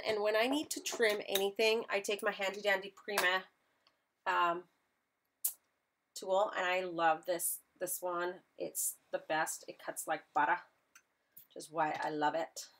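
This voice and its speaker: A woman's voice: mid-range voice, fairly even intonation, unhurried, a bit bright, slight background noise. A woman instructor chatting to viewers while she demonstrates a live craft project, joking about herself as she works. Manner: chatty, self-deprecating, talks to viewers while working.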